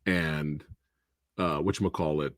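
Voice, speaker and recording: A man hosting a live movie review, talking in a casual, animated way and slipping into exaggerated quoted voices. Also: very deep voice, unhurried, dry recording, clean studio sound. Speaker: host of a movie review show.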